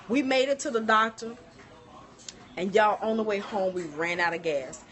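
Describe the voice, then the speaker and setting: A woman's voice: mid-range voice, normal speed. A middle-aged woman chatting casually on a livestream, telling stories and talking straight to her viewers. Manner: animated storytelling, addresses viewers as y'all. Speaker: livestream host. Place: home kitchen.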